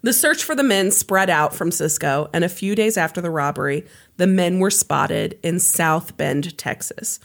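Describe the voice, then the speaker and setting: Animated woman telling a crime story. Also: measured pace, gravelly. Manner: animated, laughs, rises high when excited. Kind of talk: casual true-crime chat.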